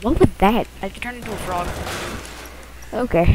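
A first-time gamer talks through their own shooter match in a loose, rambling, self-conscious way, muttering asides along the way. The voice is medium in pitch at a moderate pace, with heavy background noise. It was recorded at home on a close mic that their lips keep bumping.

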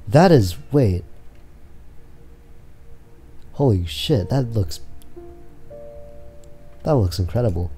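A man giving soft-spoken, emotional let's-play commentary while reading titles aloud. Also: on the low side. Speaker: gamer playing through a game.

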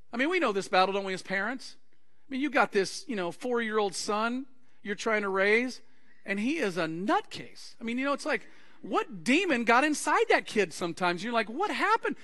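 A male pastor preaching a sermon to his congregation, acting out anecdotes and quoted conversations with lively energy. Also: very high-pitched. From Texas. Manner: animated preaching with acted-out anecdotes. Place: church sanctuary.

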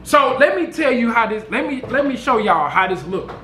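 Animated high-voiced man telling a story. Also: normal speed, reverberant, background noise. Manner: animated, slangy, repeats himself. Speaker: vlogger. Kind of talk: casual storytelling to camera. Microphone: camera mic.

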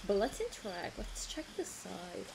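A woman's voice: medium pitch, very animated, normal speed, vocal fry, background noise. Chatty young woman streaming a game. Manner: chatty, effusive, apologetic, swears casually. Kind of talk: casual let's-play commentary. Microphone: desk mic. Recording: game music behind the voice. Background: game music.

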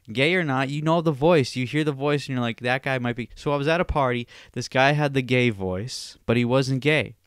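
A young man hosts a solo podcast in a smooth, mid-range voice, recorded dry with clean studio sound. He rants and tells stories in an animated, rambling, profane way.

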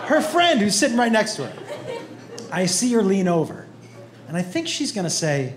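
A male stand-up comedian telling animated, crude stories on a club stage into a handheld mic. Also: high voice, normal speed, long pauses. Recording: echoey comedy club with loud crowd.

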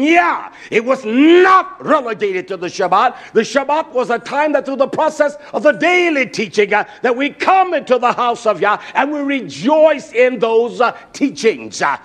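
A man preaching a sermon, emphatic, repeating key words, with frequent "uh" pauses and bursts of raised volume. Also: very high voice, very animated, fairly bright tone.

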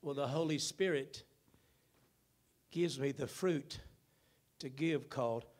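A male pastor preaching a sermon in a church, with emphatic bursts and drawn-out words. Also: mid-range voice. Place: church sanctuary.

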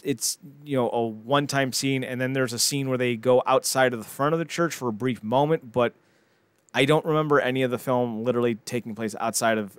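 Male podcast co-host, mid-pitched, dry close mic, animated rambling storyteller who stumbles over words. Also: clean tone, no room sound. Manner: animated storyteller, mocking voices for quoted characters, frequent repeated words. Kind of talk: casual podcast chat.

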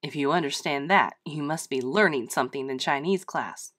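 A patient father who teases his daughter gently. A woman reading aloud plays him, dropping her voice lower and keeping it calm and even. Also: normal speed. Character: patient teasing middle-aged dad.

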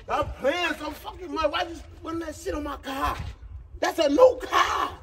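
A man outdoors, loudly protesting and exasperated in a heated argument. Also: very high-pitched, moderate pace, vocal fry, slight background noise. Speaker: vlog co-host, prank target. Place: outdoors in a driveway.

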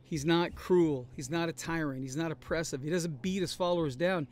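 A man's voice: a little high, normal speed. Man preaching an earnest Bible study. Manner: earnest, conversational preaching with emphatic repetition. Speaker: pastor. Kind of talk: sermon-style Bible study. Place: traveling, on the road.

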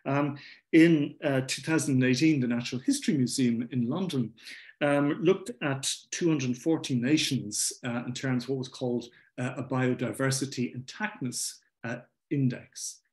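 A man speaking at an academic symposium. He pauses often with fillers and lets his voice sink at the close of each point. The pitch sits at an ordinary male level. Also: darkish tone. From Ireland. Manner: halting, many fillers, trailing off at phrase ends. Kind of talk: academic talk.

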